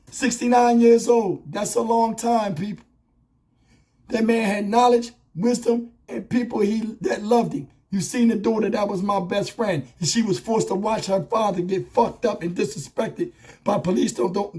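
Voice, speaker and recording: A man with a hoarse voice giving a blunt, profane, impassioned commentary on a video. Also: sits high, a little mellow. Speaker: YouTube commentator. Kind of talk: angry commentary vlog. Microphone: wireless lavalier.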